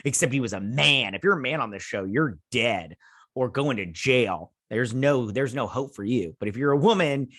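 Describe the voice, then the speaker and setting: A man's voice: medium pitch, lively intonation, moderate pace, fairly bright tone, no room sound. Male host, sarcastic TV reviewer, mid-range voice, close dry mic. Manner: sarcastic, mocking, acts out characters' lines in silly voices. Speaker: show host reviewing a TV episode. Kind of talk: casual recap and review.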